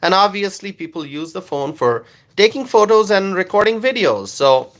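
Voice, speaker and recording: A man's voice: high-pitched, lively intonation, normal speed, fairly bright tone. A man doing live-stream political commentary into his phone, repeating his points emphatically and asking rhetorical questions.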